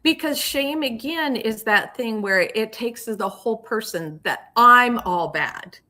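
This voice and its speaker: Bright-voiced woman coach explaining. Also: fairly high pitch, a little slow. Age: middle-aged. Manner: animated, acts out quoted voices. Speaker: parenting and teen coach. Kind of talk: explanatory interview talk.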